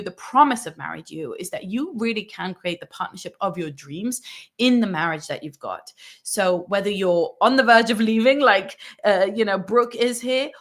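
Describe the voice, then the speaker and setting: A woman's voice: mid-range voice, a bit bright. A woman relationship coach talking earnestly to her viewers, often checking in with "right?" and acting out sample lines a partner could say. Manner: earnest, coaxing, acts out sample dialogue, tag questions like "right?". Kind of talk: coaching monologue breaking down a film scene.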